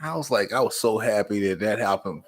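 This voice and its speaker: Warm and Southern, with plenty of "y'all," a middle-aged live streamer chats with viewers and tells folksy stories. His voice is on the low side and fairly quick.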